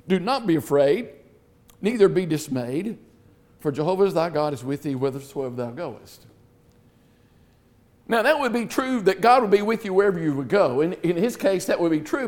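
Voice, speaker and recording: Male preacher, high-pitched, earnest teaching delivery that reads verses aloud. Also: a little mellow. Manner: earnest, repeats words, reads scripture aloud. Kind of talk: Bible teaching sermon.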